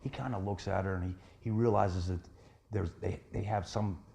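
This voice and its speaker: A man with a deep, gravelly, very husky voice talks through a film plot the way he would over a table. He keeps it plain and steady and keeps tagging the lines with "he says" and "she says.". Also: normal speed. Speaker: storyteller pitching a film plot. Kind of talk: casual spoken film pitch.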